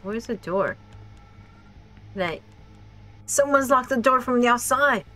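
Woman doing a let's play, bright voice, swoops up and down, laughs a lot. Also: on the high side, lively intonation, takes it slowly, soft background music. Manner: reactive, laughs a lot, talks to herself. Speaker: gaming streamer. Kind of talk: casual let's play commentary.

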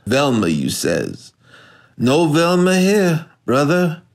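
A man voicing a big, tough male nightclub bouncer who talks softly, slowly and mockingly. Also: fairly high pitch, wildly swooping pitch, heavily acted. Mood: amused taunting. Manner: soft, slow and drawling.

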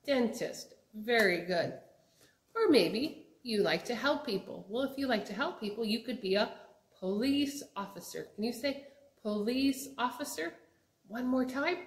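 A young woman teaching children job words, asking them to repeat each word in a slow, sing-song way. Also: on the high side, lively intonation. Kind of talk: children's vocabulary lesson. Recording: echoey room.

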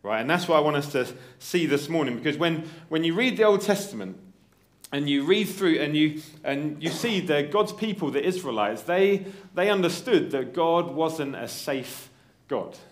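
A man's voice: a little high, animated, normal speed. A man preaching a sermon. He keeps checking in with his listeners. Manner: conversational, checks in with "right?" and "okay?"; reads story passages aloud in character voices.

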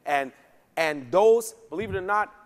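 A man's voice: high voice, expressive, a little slow. A man, a pastor, teaching a Bible study in a conversational, folksy way. He keeps checking in with his listeners and slips into casual slang. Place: church sanctuary. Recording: long church hall reverb.

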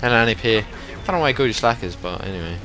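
A young man giving excitable live commentary over a shooter game, sometimes swearing at it. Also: lowish voice, fast talker, soft background music. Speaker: gaming commentator.

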